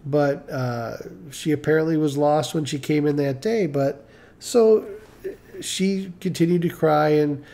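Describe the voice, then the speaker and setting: A man's voice: a little high, measured pace, mellow. A middle-aged man casually telling a personal story on a live stream, rambling and repeating himself as he acts out what others said.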